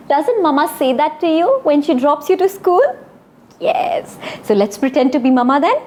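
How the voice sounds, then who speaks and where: A children's storyteller tells a fairy tale, coaxing the kids to act it out with her and praising them as they go. Her voice is high and somewhat dark in tone, with lively intonation and a moderate pace.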